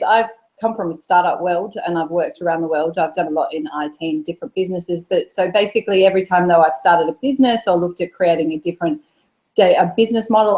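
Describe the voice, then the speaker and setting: A woman from Australia with an Australian accent softened by years in the UK, answering interview questions in a friendly, brisk way. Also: fairly low pitch, roomy sound, rough recording. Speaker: guest expert.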